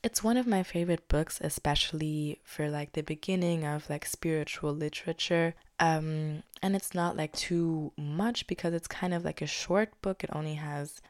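Low-voiced chatty young woman podcaster. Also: moderate pace, hardly any pauses, no room sound, clean studio sound. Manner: chatty, with many "like" and "basically" fillers. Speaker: podcast host. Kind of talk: casual spoken storytelling. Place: living in Germany.

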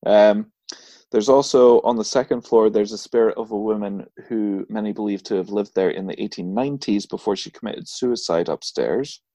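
A man's voice: on the low side, normal speed, warm tone, no echo. A man co-hosting a podcast, telling ghost stories in a casual chat, laughing often and swearing freely as he reads. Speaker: podcast co-host.

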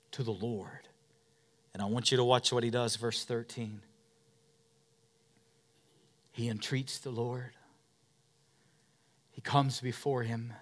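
A man preaching a sermon, swinging between shouted emphasis and hushed asides, using repetition and call-and-response. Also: mid-range voice. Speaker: pastor.

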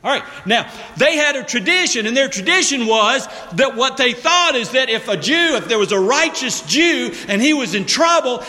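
A pastor preaching a slow, emphatic sermon, talking directly to the congregation and dropping to a low hushed voice for weight. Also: male voice, lively intonation, long reverb tail.

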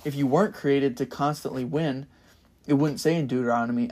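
An earnest young man preaches in a casual, conversational way, talking through a passage for his podcast. His voice sits at an ordinary middle pitch and swells with enthusiasm at the high points. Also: brisk. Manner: earnest and enthusiastic, rising to loud bursts of excitement. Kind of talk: casual Bible-study sermon.

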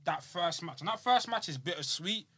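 A man chatting casually about wrestling as a podcast co-host, excitable and slangy, telling stories with animation. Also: high-pitched, moderate pace, a little hiss or hum.

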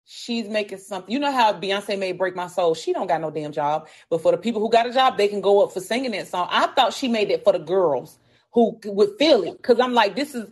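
A woman's voice: medium pitch, fairly quick, slightly rough. A woman co-hosting a casual podcast, telling celebrity gossip with lots of profanity and acted-out quotes. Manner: animated storytelling, acting out quotes, heavy profanity. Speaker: podcast co-host.

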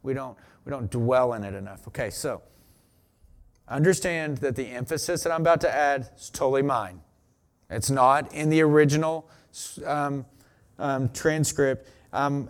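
A man preaching a sermon. He talks in a relaxed, chatty way and rises into emphatic reading of scripture. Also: mid-range voice. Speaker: pastor.

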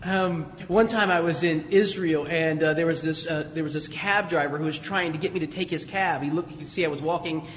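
A man from the United States preaching a sermon in a relaxed, conversational storytelling way, chuckling now and then. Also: a little high, a little fast, few pauses, big-room sound, a little hiss or hum. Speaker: pastor.

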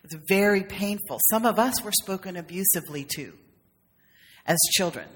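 A woman's voice: mid-range voice, expressive, moderate pace, fairly bright tone. A woman minister giving a conversational, humorous sermon, with playful acted asides. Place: church sanctuary. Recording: long reverb of a sanctuary.

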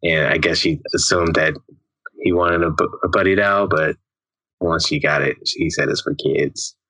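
A man's voice: very deep voice, steady tone, moderate pace, sharp tone, no room sound, low-quality recording. A man co-hosting a podcast, mostly chiming in with short agreements and laughs in casual movie talk. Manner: brief agreeing interjections, laughs often. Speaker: podcast co-host.

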